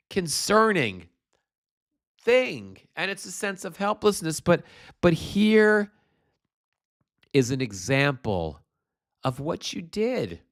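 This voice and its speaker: A man hosting a political livestream speaks slowly and deliberately. His pitch sits a little high and swings widely. He sounds congested and talks with impassioned, profane emphasis. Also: gravelly, fairly bright tone. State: congested with postnasal drip. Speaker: livestream host.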